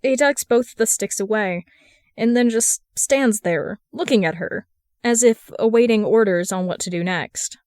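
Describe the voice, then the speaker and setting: A woman reading a fan fiction audiobook in a steady, even narration. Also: medium pitch, unhurried, dry recording, studio quality. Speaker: podfic reader.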